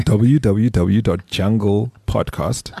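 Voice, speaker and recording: A man's voice: fairly low pitch, creaky, mellow, slightly rough, dry recording. A man co-hosting a business podcast in a studio, chatting loosely through ad reads and plans with many restarts. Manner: loose, rambling, with restarts and quick laughs. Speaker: podcast co-host, business strategist. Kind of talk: casual podcast chat and ad reads.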